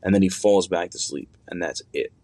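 A man's voice: low voice, normal speed, darkish tone, dry recording. A young man telling a personal story in a loose, conversational way, with plenty of fillers and slang.

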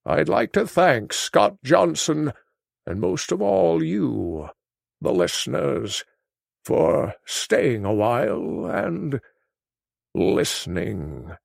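Deckard Cain, gravelly old sage. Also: male voice, medium pitch, very animated, dry recording, clean studio sound, exaggerated voice. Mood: grand. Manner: gravelly, drawn-out storyteller delivery. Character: elderly male sage, cranky and indignant. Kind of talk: comedic call-in sketch.

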